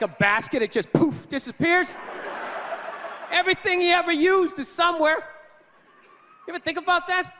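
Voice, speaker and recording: A man doing a stand-up comedy set, ranting loudly and swearing. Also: extremely high pitch. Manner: loud ranting delivery, swearing. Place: stage in a large venue. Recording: reverberant hall with live audience. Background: audience laughter and faint hiss.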